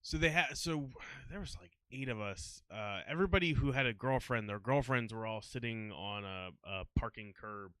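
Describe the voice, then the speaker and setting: A man's voice: medium pitch, moderate pace, hardly any pauses, clean tone, no room sound. A young man from New Jersey, a podcast guest, telling a funny story in casual chat and acting out the quotes. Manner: animated storyteller who acts out quotes and laughs often.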